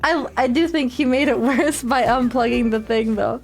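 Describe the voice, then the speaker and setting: A young adult woman streamer chatting casually on a live stream, giggly and excitable. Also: sits high.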